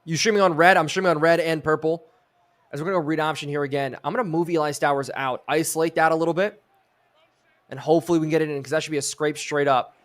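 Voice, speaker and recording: A man's voice: fairly high pitch, quick pace. A young man streaming a football video game live, commenting on the plays and reading chat aloud. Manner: excitable, reads chat aloud.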